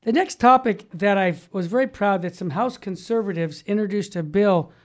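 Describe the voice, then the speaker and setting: This is a Christian talk show host with an upbeat, emphatic delivery. The voice sits at a middling pitch, and the host keeps affirming the co-host while moving through news items. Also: normal speed. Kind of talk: casual conservative Christian talk show chat.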